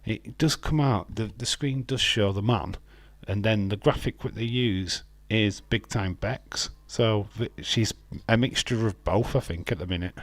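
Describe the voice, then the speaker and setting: A man's voice: on the low side, measured pace, hardly any pauses, no room sound. A man hosting a casual live stream, chatting loosely, laughing often and answering viewers' comments. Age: adult with children.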